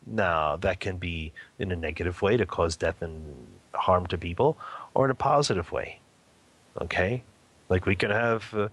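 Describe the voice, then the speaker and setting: Low-voiced man, chatty and chuckling. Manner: conversational, peppered with "okay?" and "you know", chuckles often. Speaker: interview guest, home meditation practitioner and father. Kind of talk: casual spoken teaching.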